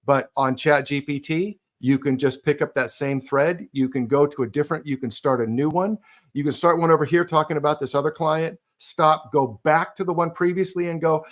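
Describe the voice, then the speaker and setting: A man's voice: fairly high pitch, moderate pace. A man co-hosting a business podcast, eager, explaining step by step with frequent restarts. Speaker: co-host. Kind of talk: casual podcast chat.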